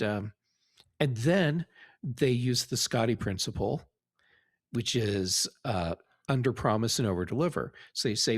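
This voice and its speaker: A man co-hosting a tech podcast, talking in a relaxed, rambling way with many fillers. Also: mid-range voice, measured pace, no echo, clean studio sound. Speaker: podcast co-host. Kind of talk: casual tech podcast chat.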